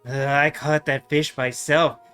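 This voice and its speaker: A man's voice: a little high, flat delivery, measured pace, bright, forceful tone, faint music behind. A man doing a surly, sarcastic desert motel manager. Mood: grumpy. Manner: gruff, sarcastic, slangy. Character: rude grumpy male desert motel manager. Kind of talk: let's play voicing of game text.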